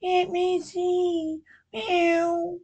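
A woman voicing an eerie cat-woman who meows in a thin high voice, in 1930s radio acting. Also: completely flat delivery, drawn-out words, dark tone, heavily acted.

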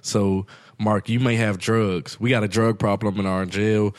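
A man's voice: on the low side, little pitch movement, a little slow, no room sound, studio quality. A man co-hosting a casual podcast, talking in a laid-back way and thinking aloud. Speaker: podcast co-host. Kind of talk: casual chat.

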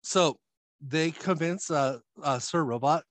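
A man's voice: a little high, slow, no room sound. A man casually recapping a comic series, full of fillers and chuckles as he talks. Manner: rambling, many fillers and chuckles. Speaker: podcast host.

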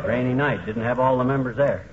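An actor playing a boastful, blustering middle-aged husband with pompous speechifying, in a 1940s radio comedy. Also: male voice, medium pitch, natural voice. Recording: tinny old radio broadcast, faint hiss.

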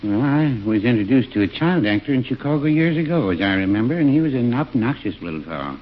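A man's voice: medium pitch, expressive, quick pace, close to an everyday voice. Man playing a mild, hesitant druggist. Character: timid middle-aged male druggist, hesitant. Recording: dull old radio recording, faint hiss.

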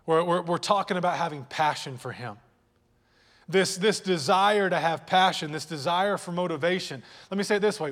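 A man preaching in church, his speaking voice sitting a bit higher than most men's. He talks in a loose, conversational way, often restarting phrases and teasing the congregation. The sound rings with the long reverb of a big room. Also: normal speed. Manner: conversational preaching with repeated words and audience jokes. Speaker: pastor. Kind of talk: sermon. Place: church hall.

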